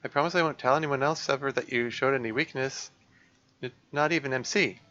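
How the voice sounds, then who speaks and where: A man voicing a caring, persistent young woman who coaxes a friend and keeps gently insisting on helping. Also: mid-range voice, fairly quick, lo-fi sound, pitched above the performer's own voice, natural voice. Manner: eager, coaxing, gently insistent.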